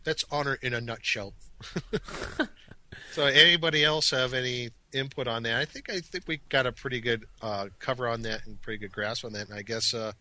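A man's voice: mid-range voice, normal speed, pushed and bright. A man hosting a casual tabletop gaming discussion, steering the talk and throwing in jokey asides. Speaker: podcast host leading the discussion.

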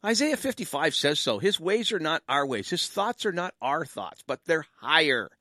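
A man's voice: a little high, big pitch swings, normal speed, bright, forceful tone, no echo, clean studio sound. A Canadian man hosting a call-in talk radio show as a pastor, chatting in a joking, rambling way with lots of asides.

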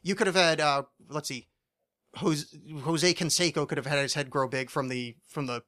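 A man's voice: fairly high pitch, steady tone, normal speed, bright, forceful tone. A young man co-hosting a casual podcast about a TV show, rambling and joking with lots of restarts. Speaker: podcast co-host.

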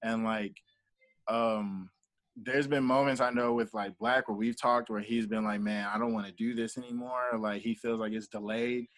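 A young man, an entrepreneur and artist manager, is a guest in a casual interview, acting out quoted dialogue as he tells his stories. His voice sits on the low side and is a bit bright, with fairly even intonation and normal speed, recorded dry.

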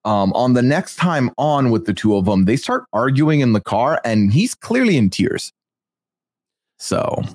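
Male podcast host, measured recap style, lively pitch, dry mic. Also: dry recording. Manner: measured, reflective, summarizing. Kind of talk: casual recap chat.

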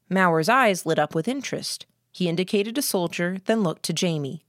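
A woman reading a novel aloud in a steady, even storytelling manner. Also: on the low side, normal speed, few pauses, no room sound, studio quality. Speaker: audiobook narrator. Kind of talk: scripted narration.

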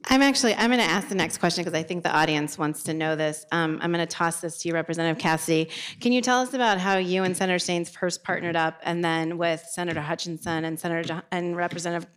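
A woman hosting and moderating a live podcast panel, brisk and playful as she hands out questions. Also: lowish voice, clean tone.

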